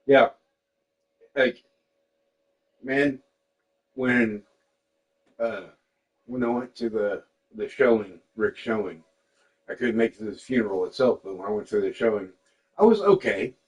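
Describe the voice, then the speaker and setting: A man's voice: lowish voice, a little slow, long pauses, poor audio. A young man chatting casually and candidly, swearing often and acting out what people said to him. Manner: candid and profane, quotes people in lively voices. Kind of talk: casual storytelling chat.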